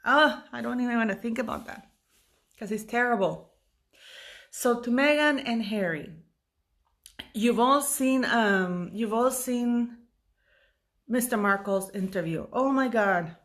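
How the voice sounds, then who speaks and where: A woman's voice: on the high side, unhurried, long pauses, fairly bright tone. A woman in her fifties giving a rambling, emotional commentary monologue, tired and full of restarts and fillers. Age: 50s. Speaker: YouTube commentator.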